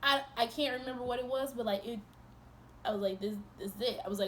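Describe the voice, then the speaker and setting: A young woman in a storytime vlog, retelling events in an animated, profane, exasperated way, breaking into laughs. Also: on the high side, quick pace. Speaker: vlogger.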